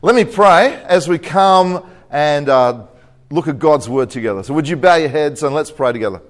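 A man's voice: a little high, expressive, moderate pace. A man preaching a sermon, telling a joke and laughing at his own punchlines. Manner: jokey storyteller, chuckles at own jokes.

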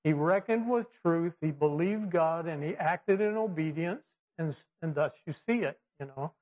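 Preaching in a church or a slide-equipped classroom, a man speaks at a moderate pace with a voice on the high side. His delivery is lively and chatty, peppered with fillers and restarts, and he performs the voices he quotes; the recording is dull and lo-fi.

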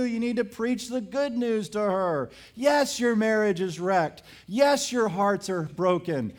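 Slow, high-voiced preaching man. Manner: storytelling with acted quotes, emphatic preaching. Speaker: pastor. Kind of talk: sermon.

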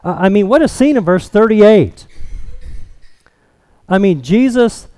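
A man preaching a sermon, expounding scripture in an emphatic, deliberate way. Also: high-pitched, lively intonation, a little mellow, clean tone, no echo. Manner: slow, emphatic expository preaching.

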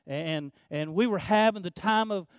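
An older man preaching a sermon, telling a family story in a folksy way, often repeating words and swinging from hushed to loud. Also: high voice, normal speed, smooth, no echo, studio quality. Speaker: pastor.

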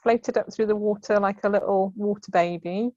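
A woman's voice: medium pitch, steady tone, moderate pace, darkish tone, no echo. A woman in her thirties chats from home over a remote call, laughing often and acting out the voices of others. The sound is dry and close, with a slightly dull, muffled call quality. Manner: chatty, laughs often, acts out quoted voices. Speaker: podcast guest. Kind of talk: casual storytelling.

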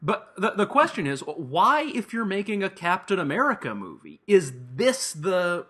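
A man co-hosting a casual film review podcast, animated and playful, laughing often. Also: high voice, moderate pace, hardly any pauses, husky. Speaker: podcast co-host. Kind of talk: casual movie review chat.

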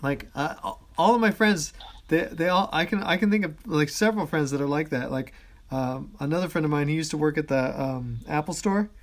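A man hosting a podcast in casual chat, telling anecdotes with frequent restarts and easy laughter. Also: on the high side. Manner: laughs easily, chatty, halting restarts. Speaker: podcast host.

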